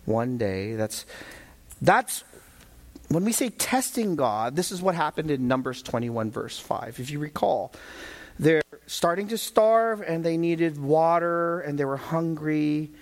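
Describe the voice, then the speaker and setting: A man preaching a sermon who addresses the congregation directly and moves between calm Bible teaching and fervent, shouted exhortation. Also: fairly high pitch, measured pace. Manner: addresses listeners directly as brothers and sisters.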